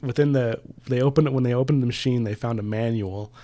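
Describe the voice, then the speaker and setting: A man's voice: mid-range voice, fast talker. A man co-hosting a casual book discussion podcast, animatedly retelling the plot. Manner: animated retelling, acting out the characters. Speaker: podcast co-host.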